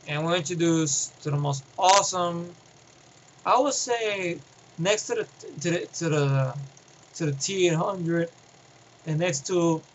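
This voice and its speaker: A man with a high, bright, forceful voice gives an excitable, rambling film review. He swears freely and keeps restarting his sentences. A faint noise sits behind him. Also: poor audio. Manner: excitable, profane, restarts often, filler "and everything like that".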